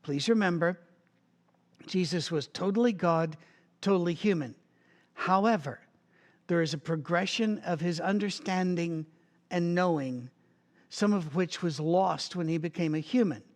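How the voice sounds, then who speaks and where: A pastor delivering a sermon, retelling a scripture story and acting out the quoted speakers. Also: male voice, sits high, a little slow, long pauses, a little mellow. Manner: storytelling, acts out quoted lines.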